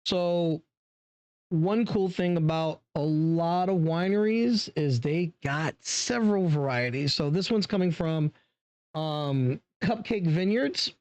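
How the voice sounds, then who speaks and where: A wine reviewer giving a casual tasting review, chatty and relaxed, with many fillers, talking straight to viewers. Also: medium pitch, slow pace, no room sound, muffled recording.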